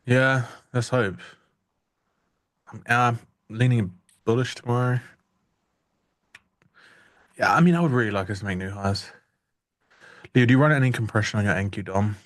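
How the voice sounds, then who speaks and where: A man's voice: medium pitch, normal speed, pauses often, fairly bright tone. Joking, rambling young male co-host. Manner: joking, rambling, self-interrupting. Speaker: livestream trading co-host. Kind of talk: casual live-stream chat.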